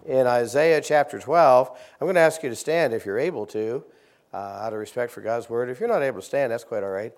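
A middle-aged man preaching a sermon, leading his congregation in call-and-response Bible reading and rising from soft-spoken asides to loud, emphatic exhortation. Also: medium pitch, a little fast. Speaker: visiting preacher. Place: church sanctuary.

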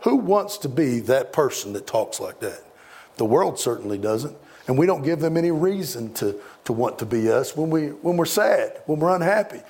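A man's voice: on the high side, very animated, moderate pace, darkish tone, breathy edge. A middle-aged man preaching a sermon, emphatic and given to repeating words for stress.

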